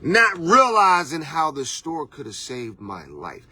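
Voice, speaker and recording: A man's voice: on the high side, huge pitch swings, takes it slowly, few pauses, pushed and bright, husky, no room sound. A man hosting a motivational talk as a life coach, preachy and casual, with street slang and repeated "you understand".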